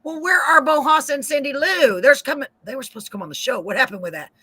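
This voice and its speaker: A middle-aged woman hosts a casual talk show, full of slang and frequent laughter. Her voice is bright and forward, recorded close and dry with no room sound. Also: high voice, quick pace, no echo. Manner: chatty, laughs often, Southern slang. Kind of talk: casual chat.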